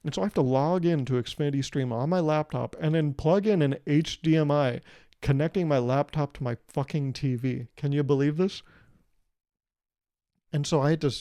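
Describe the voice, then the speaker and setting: A man's voice: a little high, normal speed, warm tone, no room sound, clean studio sound. A young man hosting his own podcast, rambling through a casual, profane and jokey monologue. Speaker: podcast host.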